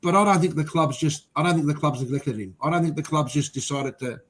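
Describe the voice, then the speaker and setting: A man's voice: a little high, quick pace, crowd noise. A man co-hosting a casual footy podcast, easygoing and prone to repeating himself. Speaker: podcast co-host. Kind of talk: casual sports chat.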